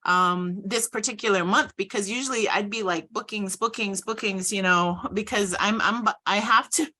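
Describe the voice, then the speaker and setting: Earnest, reflective woman with bright tone. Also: mid-range voice, moderate pace. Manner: earnest and reflective, speaks with quiet conviction. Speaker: panelist. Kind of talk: conversational panel discussion.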